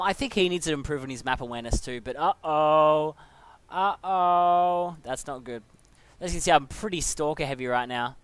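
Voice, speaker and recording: A man's voice: on the high side, fairly bright tone, slight background noise. A young man casually commentating a replay of his own match, chatty and self-mocking.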